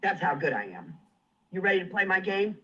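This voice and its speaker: A male livestream guest rants furiously, swearing, threatening someone, and refusing to back down. His voice sits high and swings widely in pitch, brisk and bright with a forceful, breathy edge. The livestream audio is muffled.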